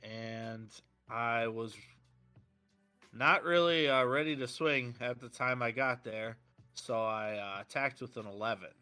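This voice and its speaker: A man's voice: medium pitch, a little slow, pushed and bright, smooth, faint music behind. A man playing a tabletop game, describing his character's actions. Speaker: player.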